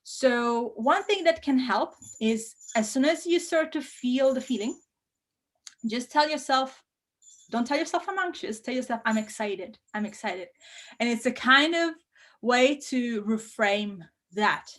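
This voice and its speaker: A woman hosting a live language-learning Q&A, bubbly and effusive with excited bursts. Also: sits high, measured pace. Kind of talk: casual live-stream chat.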